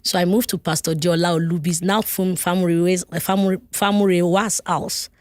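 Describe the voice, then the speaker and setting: Nigerian woman guest, lower voice, dry close mic, animated personal storyteller. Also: fairly quick, dry recording. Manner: animated, vivid retelling with laughter. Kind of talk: personal storytelling in a podcast interview.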